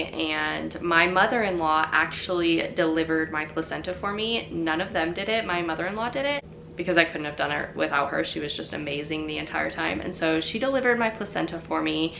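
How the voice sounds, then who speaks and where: A woman's voice: low voice, creaky, sharp tone, a little hiss or hum. A young woman telling her own story in a chatty, casual way, full of fillers.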